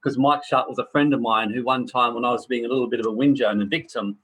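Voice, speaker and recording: A man's voice: mid-range voice, fairly even intonation, quick pace, a bit bright, breathy edge, rough recording. A middle-aged man giving a blunt, preachy motivational talk to a group, swearing freely as he goes. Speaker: personal development speaker.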